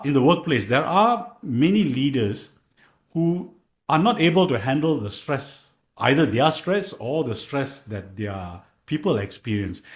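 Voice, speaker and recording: A man's voice: mid-range voice, echoey room. A man hosting a podcast interview, asking his guest questions in a conversational way. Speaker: podcast host.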